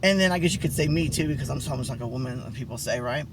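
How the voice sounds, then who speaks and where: A man vlogging, telling a personal story casually with many fillers, restarts and dramatic pitch swings. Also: quick pace, background noise.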